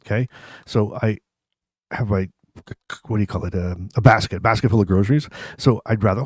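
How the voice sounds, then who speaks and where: A man's voice: lowish voice, fast, a little mellow, dry recording, studio quality. A man in his fifties telling funny stories to camera in a rambling, self-mocking way, often chuckling between restarts. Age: 50s. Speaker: vlog host. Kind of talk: casual humorous storytelling to camera.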